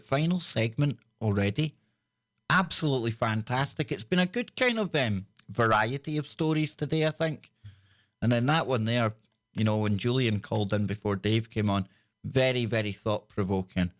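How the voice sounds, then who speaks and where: A man's voice: mid-range voice, fairly bright tone. A man hosting a live talk show, chatting enthusiastically and often repeating himself. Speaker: talk radio host.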